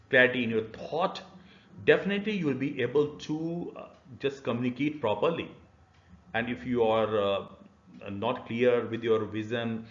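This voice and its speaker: A male university lecturer explains the topic in a halting way, pausing often on "uh". His voice is middle-pitched. The room echoes, and the sound is slightly dull. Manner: hesitant, many "uh" fillers, explanatory. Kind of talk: recorded e-learning lecture.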